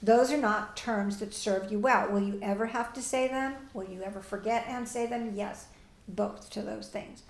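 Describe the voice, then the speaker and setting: A woman's voice: medium pitch, steady tone, normal speed, roomy sound. A woman teaching parents and answering audience questions, plainspoken and direct, often acting out what parents and children say.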